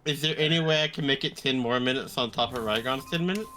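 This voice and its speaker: A woman's voice: very deep voice, fast, fairly bright tone, slight background noise. A woman joining a game stream as a guest, jokey and bubbly. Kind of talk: casual stream chat.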